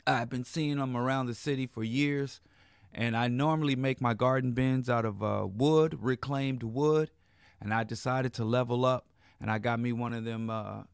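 A man from Chicago hosting a live internet radio show, hoarse as he loses his voice, talking in a laid-back, rambling way with casual slang. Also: mid-range voice, fairly even intonation, unhurried, no room sound, studio quality. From Chicago, Illinois. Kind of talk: live radio talk monologue. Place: radio studio.

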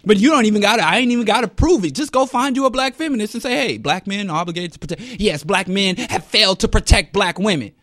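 Man, middle-aged; animated solo commentary with a high-ish voice, recorded close and dry. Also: quick pace, hardly any pauses, dry recording. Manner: animated, swings between loud and muttered. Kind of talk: casual monologue.

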